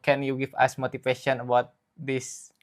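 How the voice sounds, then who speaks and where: A man with an Indonesian accent hosting an interview, asking questions in carefully searched, halting phrasing. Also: medium pitch, completely flat delivery. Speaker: host interviewer.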